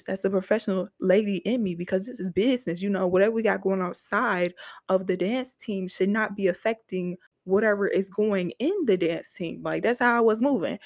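A woman's voice: mid-range voice, no room sound. A young woman hosting a podcast, telling a personal story in a frank, heated way with a lot of swearing. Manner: heavy profanity, frank and heated venting. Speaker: podcast host. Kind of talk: casual storytelling monologue.

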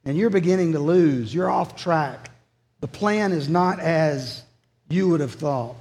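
Pastor mid-sermon, a man with a high, slow, emphatic delivery; echo from a large hall. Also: a little mellow. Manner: earnest, emphatic preaching.

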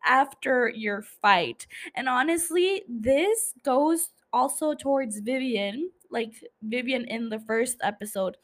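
A woman's voice: on the high side, animated, takes it slowly, fairly bright tone. A young woman hosting a podcast, casually recapping a TV episode, chatty and teasing, swearing freely and laughing at her own asides. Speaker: podcast host.

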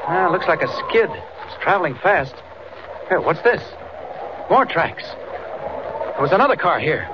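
A man's voice: on the high side, big pitch swings, a little slow, long pauses. An actor playing an earnest young male reporter who is secretly a hero, urgent and eager, in 1940s radio acting. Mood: musing. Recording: dull noisy 1940s radio recording.

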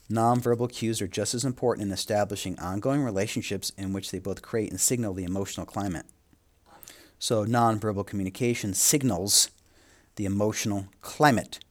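A man teaching a course, reading from a textbook and adding quick asides, sometimes correcting himself as he reads. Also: fairly low pitch. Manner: reads aloud with asides and small self-corrections. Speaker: instructor. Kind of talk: reading a textbook aloud with comments.

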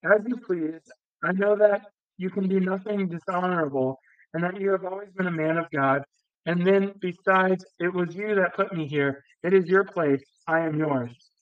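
Cast: chatty, folksy old gardener, high-ish clear voice, read by a man, dull lo-fi sound. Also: moderate pace, no echo, natural voice. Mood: eager. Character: grateful old male gardener, talkative. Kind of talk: audiobook reading.

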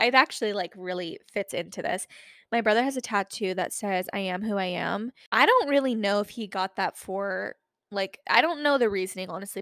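A woman's voice: medium pitch, fairly bright tone, no echo, clean studio sound. A young woman in her twenties hosting a solo podcast, talking in a chatty, rambling way with lots of fillers. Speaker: podcast host.

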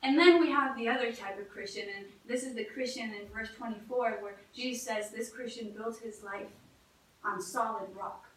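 A woman's voice: fairly high pitch, moderate pace, a little hiss or hum. A woman preaching a sermon in an earnest, conversational way, often restarting her phrases. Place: church. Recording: echoey room, voice from a distance.

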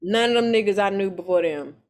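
A woman co-hosting a casual chat, recapping reality TV in a lively, profane, animated way. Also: mid-range voice, a little fast. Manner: animated, profane, mimics cast members. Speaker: podcast co-host.

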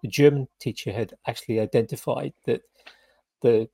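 A man's voice: mid-range voice, fairly even intonation, moderate pace, creaky, dark tone, husky, no room sound. A British man co-hosting a podcast, telling rambling anecdotes in casual chat with lots of fillers and restarts. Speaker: podcast co-host.

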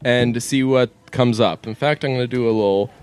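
A man's voice: mid-range voice, brisk, a little mellow, clean tone, no room sound. A man co-hosting a podcast, telling stories in a rambling, profane way in casual chat.

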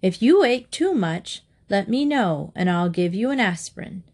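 Woman reading as a brisk, firm mother. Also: mid-range voice, very animated, a little mellow. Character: brisk busy mother of four.

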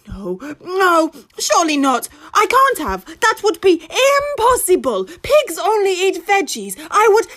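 A woman's voice: extremely high pitch, wildly swooping pitch, unhurried, hardly any pauses, a bit bright. A woman narrating a children's story expressively in the first person, using childlike grammar. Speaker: audiobook narrator.

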